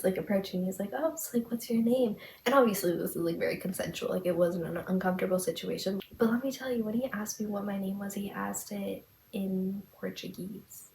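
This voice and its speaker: Chatty young woman podcaster, gravelly edge. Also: mid-range voice. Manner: chatty, lots of "like", dramatic retelling. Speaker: podcast host. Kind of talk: casual storytelling. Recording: echoey room with faint hiss.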